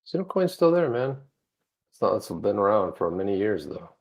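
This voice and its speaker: Relaxed teasing man hosting a stream. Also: on the low side, a little fast. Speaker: host. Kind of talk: casual chat.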